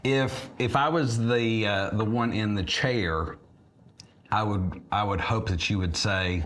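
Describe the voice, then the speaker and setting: A man's voice: lowish voice, expressive, unhurried, a bit bright. A man co-hosting a podcast, chatting casually and playfully. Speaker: podcast co-host. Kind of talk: casual chat.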